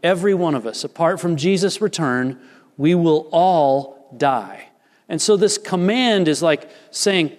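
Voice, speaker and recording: Earnest preacher with high-set voice, echoey hall. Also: male voice, moderate pace. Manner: earnest, emphatic preaching with varied pace. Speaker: pastor. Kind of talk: sermon with scripture reading.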